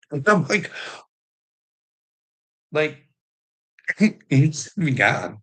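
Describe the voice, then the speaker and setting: Gravelly slow-talking middle-aged man. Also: on the low side, poor audio. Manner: profane, rambling, laughs often. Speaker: livestreamer. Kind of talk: casual live rant.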